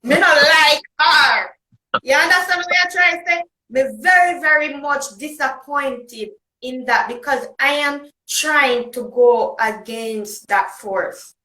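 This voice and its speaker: A woman's voice: high voice, unhurried, hardly any pauses, sharp tone, reverberant, low-quality recording. A woman host, talking bluntly and emphatically in a casual chat. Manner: blunt, emphatic, patois-tinged. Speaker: podcast host.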